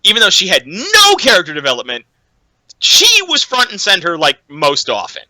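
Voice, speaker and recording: Animated high-voiced man ranting about a film. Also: normal speed, no room sound, low-quality recording. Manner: animated, profane, lots of "um"s. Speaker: podcast co-host. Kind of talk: casual chat, film rant.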